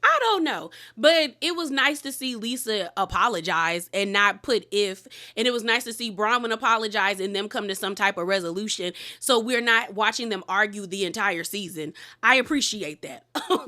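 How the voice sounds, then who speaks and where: A woman giving a casual, animated review of a reality TV episode, with laughing asides and some candid remarks dropped to a whisper. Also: medium pitch, normal speed. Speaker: reality TV recap host.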